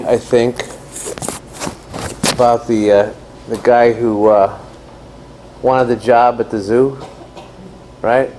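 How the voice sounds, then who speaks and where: A man's voice: mid-range voice, a little mellow, a little hiss or hum. A man giving a conversational, joking after-dinner lecture as guest speaker in a large hall.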